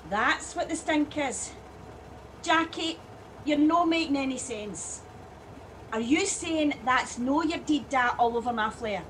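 Heather, a cheeky Scottish taxi driver. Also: female voice, high voice, a little slow, a little hiss or hum. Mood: mocking. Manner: teasing, laughing, loud. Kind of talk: audio drama acting.

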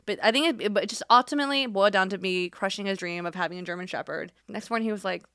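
A woman's voice: rapid-fire, smooth, no echo, clean studio sound. A woman co-hosting a podcast, chatting casually and acting out quoted lines as she tells a story. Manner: animated storytelling, acts out quotes with shifting pitch. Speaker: podcast co-host. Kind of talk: casual chat.

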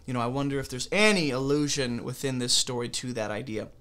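A man's voice: medium pitch, fairly quick, fairly bright tone. A man leading a conversational Bible study, reading scripture aloud and then explaining it casually, often checking in with the listener. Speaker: Bible teacher.

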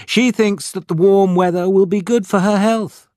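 A man reading a storybook, voicing a gentle, anxious mother with a high, pleading voice. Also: fairly even intonation, moderate pace, no room sound, clean studio sound, close to an everyday voice. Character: fussing gentle mother of the family.

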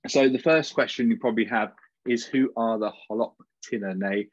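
A man's voice: mid-range voice, moderate pace, dry recording. A young British man, a PhD student, gives an informal and jokey academic talk over a video call. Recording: dull, dry video call audio.

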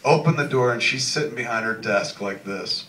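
A man's voice: medium pitch, moderate pace. A man hosting a live podcast show, telling a rambling, profane comic story on stage in a large cinema. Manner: laid-back, rambling, swears a lot. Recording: echoey hall recorded from far off, with crowd noise. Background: audience laughter and room noise.

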